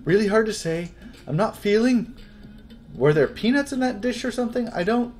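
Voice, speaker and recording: A man's voice: high voice, animated, normal speed, darkish tone, soft background music, voice pushed up. Man doing a bubbly young woman on a date. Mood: flustered. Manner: bubbly, girlish, sing-song delivery.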